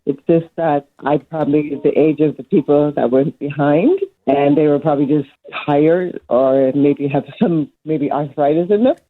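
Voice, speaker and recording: A woman's voice: sits low, fairly even intonation, normal speed, few pauses. A woman calling in to a radio show, giving her view in a matter-of-fact way. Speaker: caller. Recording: phone line.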